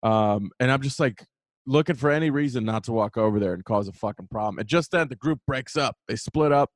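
Man, podcast host, heated profane rant, mid-pitched voice, dry close sound. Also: fairly quick, no echo. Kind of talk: casual ranting monologue. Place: New York.

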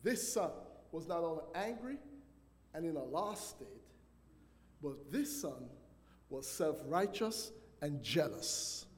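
A man's voice: fairly high pitch, sing-song, slow. A man preaching a sermon as pastor, asking the congregation questions and calling for responses. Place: church sanctuary. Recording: long church hall reverb.

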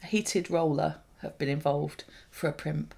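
A woman's voice: sits low, normal speed, vocal fry, mellow, slightly rough. A woman, co-hosting a podcast in rambling, giggly casual chat. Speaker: podcast co-host. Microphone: studio microphone.

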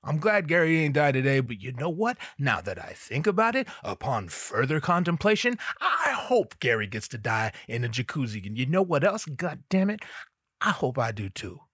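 A man's voice: mid-range voice, big pitch swings, moderate pace, fairly bright tone, breathy edge, no room sound, clean studio sound. A man hosting a solo comedy podcast in a crude, rambling, darkly joking monologue. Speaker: podcast host.

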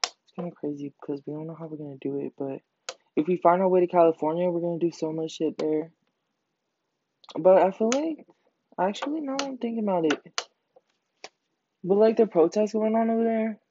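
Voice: mid-range voice, warm tone, a little hiss or hum. A young speaker in their late teens hosting a podcast, telling stories in a casual, rambling way with lots of slang and heavy swearing. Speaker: podcast host. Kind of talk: casual storytelling monologue. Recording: dull lo-fi recording.

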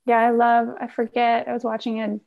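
Creaky-voiced woman hosting a podcast. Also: fairly high pitch, completely flat delivery, fairly quick, phone-quality sound. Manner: reflective, thinks aloud with many fillers. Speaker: podcast host. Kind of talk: casual conversation.

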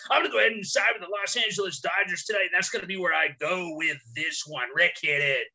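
A man's voice: sits high, fast, gravelly, sharp tone. A man hosting a parody sports betting show, crude and laughing, with over-the-top hype in his delivery.

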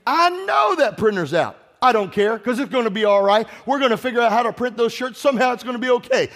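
A man's voice: very high-pitched, animated, fast talker, fairly bright tone. A man preaching a sermon to his congregation, urging them to call out responses and telling stories from his own life. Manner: exhorting, calls for congregation responses, tells personal stories. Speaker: pastor. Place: church sanctuary with congregation. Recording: long reverb of a large hall.

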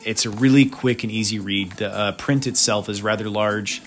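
A man's voice: fairly low pitch, steady tone, moderate pace. A man hosting a casual podcast, talking through albums in a laid-back, chatty way with lots of filler uhs and opinionated asides. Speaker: podcast host. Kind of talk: casual music review monologue.

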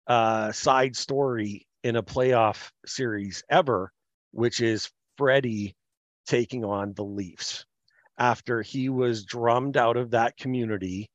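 A man hosting a podcast, chatting about sports in a measured way and thinking aloud with fillers. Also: mid-range voice, dry recording. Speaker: podcast host. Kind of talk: casual sports chat. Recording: slightly muffled, dry.

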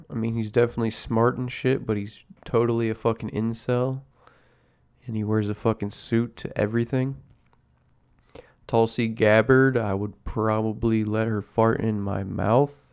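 A man's voice: lowish voice, little pitch movement, a little slow, a little mellow, clear, resonant tone. A man hosting a casual podcast chat, rambling in a laid-back way and swearing constantly over his coffee. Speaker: podcast host. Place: at home drinking coffee.

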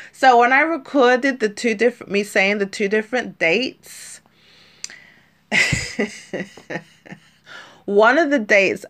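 A woman's voice: on the high side, slow pace, long pauses, a bit bright. A woman from London with a London accent and a slight lisp, rambling chattily through a solo podcast with many fillers and self-corrections. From London, England. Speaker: podcast host.

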